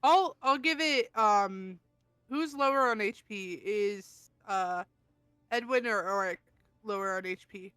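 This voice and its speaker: A woman playing a tabletop game, excitable and playful about her character. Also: mid-range voice, takes it slowly, clean tone, dry recording. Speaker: player. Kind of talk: casual tabletop play.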